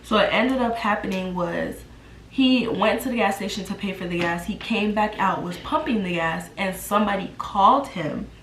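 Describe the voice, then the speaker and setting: A woman in her twenties telling a casual storytime, animated and acting out what people said. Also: mid-range voice, moderate pace, slight background noise. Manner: animated, acts out the quotes. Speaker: vlogger. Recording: roomy echo.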